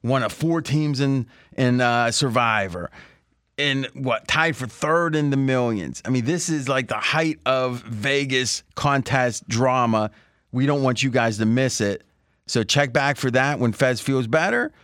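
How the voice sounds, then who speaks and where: A man hosting a casual sports-betting podcast, rambling in animated asides. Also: mid-range voice, measured pace, no echo, studio quality. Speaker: podcast host.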